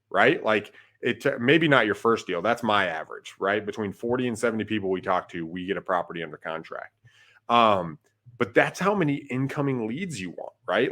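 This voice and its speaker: Low-voiced man giving casual podcast advice. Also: a bit bright. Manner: conversational, peppers talk with "right?" and "like". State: has the hiccups. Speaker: podcast co-host, wholesaling investor.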